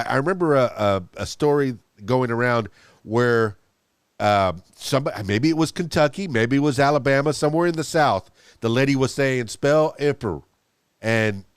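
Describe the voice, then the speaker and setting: A man's voice: medium pitch, clear, resonant tone, no echo, studio quality. A man hosting a podcast, asking chatty, rambling questions in a casual interview. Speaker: podcast host.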